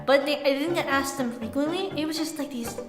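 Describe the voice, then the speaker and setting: A young woman from Saipan answering interview questions in a casual, animated way, retelling things with exasperation. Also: high voice, a little fast. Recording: echoey room with music.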